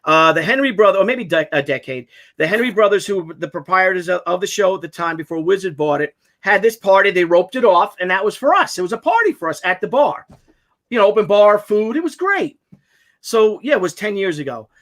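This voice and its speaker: A man's voice: high-pitched, a little fast. A man telling a long anecdote in casual chat, rambling and restarting, swearing freely, on a video call. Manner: rambling, animated storyteller with many restarts. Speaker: podcast co-host.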